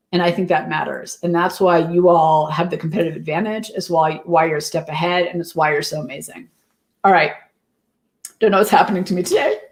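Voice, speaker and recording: A woman hosting a live-streamed motivational talk, chatty and effusive, full of "like" fillers and thanking viewers by name. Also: medium pitch. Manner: lively, upbeat delivery with lots of "like" fillers. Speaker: host of a live innovation show.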